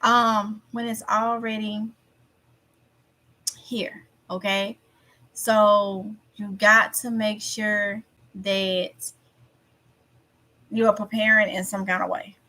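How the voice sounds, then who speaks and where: A woman's voice: mid-range voice, flat delivery, slow, long pauses, bright, forceful tone. A woman with a Mississippi Southern accent hosting a casual livestream, chatting to viewers, answering their comments and repeating her points to drive them home. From Mississippi, USA. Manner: chatty, repeats herself, talks straight to viewers. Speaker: livestream host.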